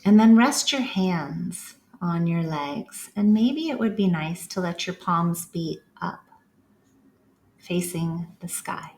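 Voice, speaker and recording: A woman gently leading a guided breathing practice, with slow, soothing instructions. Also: fairly low pitch, animated, slight background noise.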